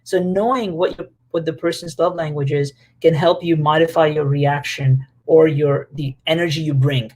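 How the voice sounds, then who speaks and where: A man leading a casual talk to a group about relationships, animated and chatty, with lots of fillers and playful acted-out quotes. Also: fairly high pitch, normal speed, hardly any pauses.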